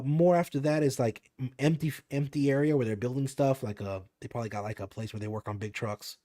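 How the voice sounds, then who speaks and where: Animated swearing young man telling a story. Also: mid-range voice. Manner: animated, heavy swearing, lots of fillers. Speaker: podcast co-host. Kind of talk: casual storytelling.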